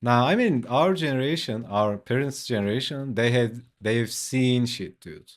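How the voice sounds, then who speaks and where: Speaking at a measured pace with a medium-pitched voice, a non-native English speaker casually tells a story as he streams his drawing. He's relaxed, swears, fills his speech with "like" and often laughs.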